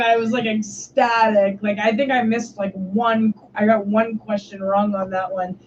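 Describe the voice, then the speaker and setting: A young woman streams and chats casually, telling stories full of swearing and constant "like"s. Her fairly high voice keeps a fairly even intonation and a moderate pace with few pauses, over muffled lo-fi audio with slight background noise.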